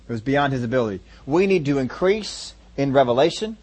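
A man preaching a sermon, animated, repeating phrases for emphasis and acting out a crowd's reactions. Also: mid-range voice, fairly quick, hardly any pauses. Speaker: pastor.

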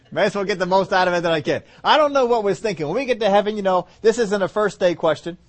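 Speaking fairly quickly in a high voice with lively intonation, a man delivers a sermon full of humor. He jokes, laughs often, and brings the story to life by acting out scenes in different voices.

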